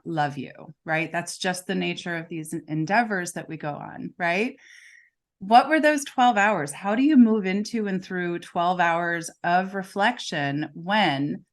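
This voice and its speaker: A woman coach hosting a casual interview, emphatic and often checking in with "right?". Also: on the low side. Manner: emphatic, peppers talk with "right?". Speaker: podcast host, coach.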